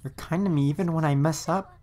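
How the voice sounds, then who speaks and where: Casting: a lonely young half-elf girl, soft and wounded, pleading questions in an anime dub. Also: low-pitched, fast. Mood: hurt pleading.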